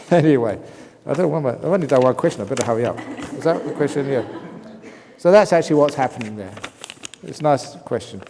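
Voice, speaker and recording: A Buddhist monk from England answers questions at a retreat, spinning humorous anecdotes as he teaches. His voice is mellow and mid-pitched. A long hall reverb hangs behind every word. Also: expressive, brisk, creaky, slight background noise. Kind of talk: Q&A talk at a retreat. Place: meditation hall.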